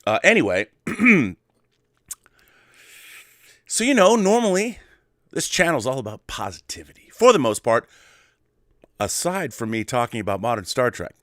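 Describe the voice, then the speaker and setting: A middle-aged man hosting his own show in a wry, digressive monologue that swings between animated bursts and quiet asides. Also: medium pitch, unhurried, pauses often, no room sound, studio quality. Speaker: host. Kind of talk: casual monologue.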